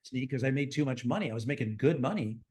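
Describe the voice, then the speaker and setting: Talking fast in a mid-range voice, a sixty-something theme park designer shares stories from his life during an interview. He gets animated and mimics the people he quotes, acting out their lines.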